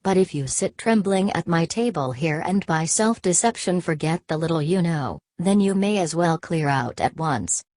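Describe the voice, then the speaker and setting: A woman's voice: on the low side, expressive, moderate pace, few pauses, a little mellow, no room sound, studio quality, lightly acted. A woman reading as an ancient weary ghost hunter. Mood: solemn.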